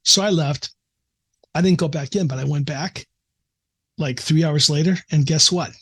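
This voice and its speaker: A man's voice: a little high, moderate pace, fairly bright tone, slightly rough. A middle-aged man from the American Midwest, a psychiatrist guest, telling an earnest, emotional story in a casual interview with frequent restarts.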